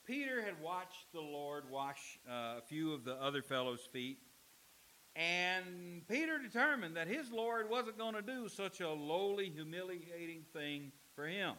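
Male pastor, emphatic sermon delivery with dramatic pauses, slightly high voice, light hiss. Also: lively intonation, pushed and bright, low-quality recording. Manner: emphatic preaching, dramatic pauses, acts out quoted lines.

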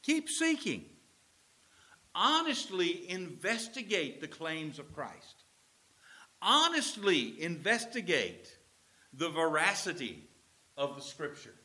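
A man's voice: on the high side, very animated, slow, sharp tone. A man preaching a sermon in an earnest, emphatic manner, stretching out key phrases.

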